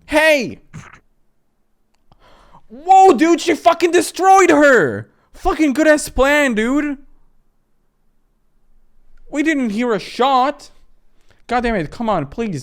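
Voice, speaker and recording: A man voicing a brash, foul-mouthed teenage girl who shouts and swears. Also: on the high side, clear, resonant tone, pitched above the performer's own voice.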